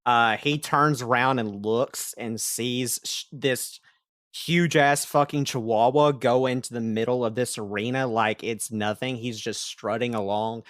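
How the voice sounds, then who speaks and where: A man's voice: medium pitch, steady tone, a bit bright, no echo, studio quality. A man running a tabletop game as game master, narrating casually with crude humor. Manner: unhurried, casual, crude jokes.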